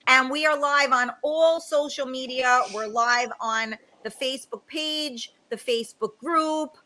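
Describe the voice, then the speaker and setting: A woman's voice: high voice, unhurried, sharp tone. A woman hosting a live talk show over a video call, speaking with a regional American accent. She talks bluntly, swears freely and giggles between lines.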